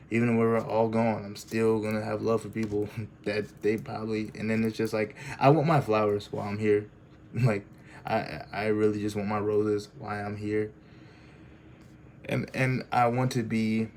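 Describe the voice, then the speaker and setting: A man giving a halting, emotional confessional vlog, full of restarts, recorded in his bedroom. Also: on the low side, vocal fry, a little mellow, slight background noise. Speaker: vlogger.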